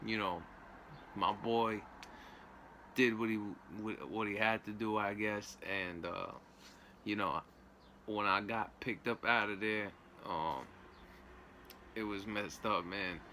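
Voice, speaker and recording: A man's voice: on the low side, fairly even intonation, slow, long pauses, bright, forceful tone, a little hiss or hum. A young man tells a story in a loose, streetwise way and keeps dropping in "man" and "you know". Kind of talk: casual storytelling.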